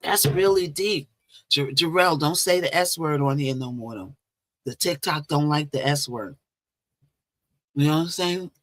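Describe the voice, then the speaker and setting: A woman's voice: low voice, a little slow, pauses often, dry recording. A woman hosting a casual live stream, chatting and repeating herself as she greets viewers. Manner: chatty, repeats phrases, talks to viewers directly. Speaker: livestream host.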